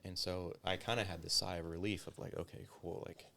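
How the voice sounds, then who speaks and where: Gravelly low-voiced man telling a story. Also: steady tone, a little fast, pushed and bright. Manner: profane, filler-heavy storytelling. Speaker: podcast guest, former police officer. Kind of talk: casual storytelling interview.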